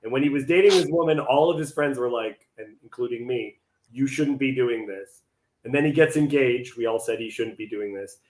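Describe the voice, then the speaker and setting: A man's voice: mid-range voice, fairly quick, hardly any pauses, a little mellow. Man, mid voice, roomy echo, reflective, chatty host. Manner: reflective, conversational, uses fillers like "like". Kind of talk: casual group chat. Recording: echoey room.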